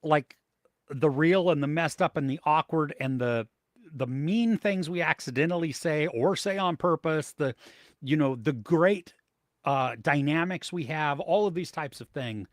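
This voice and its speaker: A man's voice: fairly high pitch, a little slow, dry recording, clean studio sound. A man hosting a podcast, chatting casually about movies and shows with lots of fillers and restarts. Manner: rambling, many fillers and restarts. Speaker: podcast host.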